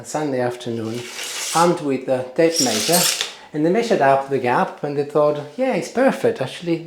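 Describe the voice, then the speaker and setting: A middle-aged homeowner narrates a casual vlog while doing a DIY job inside his house, moving between the bathroom and the loft and rambling with plenty of fillers. His mid-range voice has a roomy sound against a noisy background.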